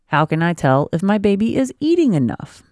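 Expecting a baby, this podcast co-host reads out parenting tips and keeps breaking off into giggly tangents on a casual show. She speaks in a mid-range, slightly mellow voice, very animated and brisk. The recording is dry and studio-clean.

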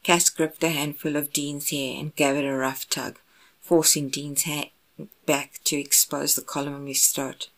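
Low-voiced woman reading a story. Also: little pitch movement, measured pace, fairly bright tone. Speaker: audiobook narrator. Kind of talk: scripted narration of romance fan fiction.

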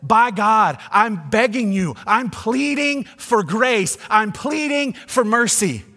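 A man's voice: high voice, expressive, bright, forceful tone, long reverb tail, pitched above the performer's own voice, exaggerated voice. Man putting on a desperate begging demon. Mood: pleading. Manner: begging, drawn-out pleading.

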